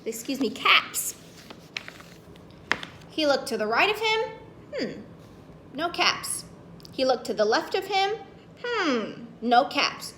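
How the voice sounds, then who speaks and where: A woman's voice: high-pitched, very animated, slow pace, pauses often, bright, forceful tone, a little hiss or hum. A woman reading a children's story aloud, playfully asking the kids questions as she goes.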